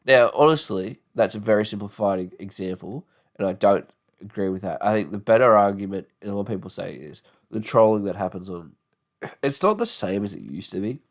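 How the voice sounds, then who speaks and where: A young Australian man in his twenties rambles through a solo podcast in a fairly low, fairly quick voice with lively intonation. He swears freely and does mocking put-on voices, despite a sore tongue and jaw.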